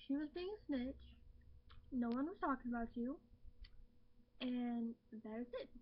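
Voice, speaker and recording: Slow-talking rambling woman on a webcam. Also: high-pitched. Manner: rambling, chatty and self-deprecating. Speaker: vlogger. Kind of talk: casual webcam vlog. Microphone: laptop webcam mic. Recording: dull lo-fi laptop webcam audio.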